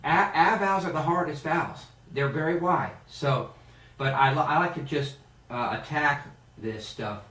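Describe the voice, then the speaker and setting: A man's voice: on the high side, moderate pace. A man teaching a singing lesson as a vocal coach, explaining technique and singing exercises to show how they go. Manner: animated, demonstrates exercises by singing. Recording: roomy, mic at a distance, piano playing.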